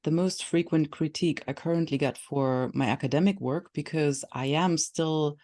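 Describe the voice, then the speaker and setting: Brief: German-accented academic guest, measured and teacherly, mid-range voice. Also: mid-range voice, dark tone. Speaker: guest, software engineering professor. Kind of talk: conversational interview answers.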